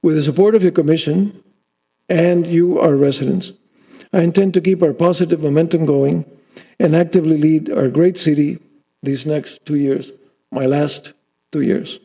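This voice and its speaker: A man speaking as city mayor in a formal public address, with a fairly high-pitched but mellow, warm voice. He reads from a prepared text and sometimes stops to restart a phrase or add an unscripted remark. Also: steady tone, normal speed, slightly rough. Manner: reads a prepared speech, with restarts and ad-libbed asides.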